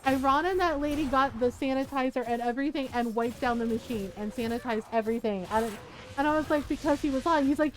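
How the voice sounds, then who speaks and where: A middle-aged woman streamer telling a story in casual chat, animated and profane, laughing as she talks. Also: sits high, fast talker, a little hiss or hum, rough recording. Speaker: live streamer.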